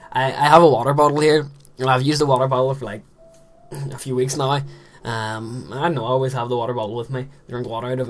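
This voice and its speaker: A teenage lad with a Northern Irish accent chats away as he plays, rambling from one thought to the next with plenty of fillers. His voice sits at an ordinary middle pitch for a young man. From Northern Ireland. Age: teens. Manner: rambling, chatty, many fillers. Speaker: let's play host. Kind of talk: casual game commentary.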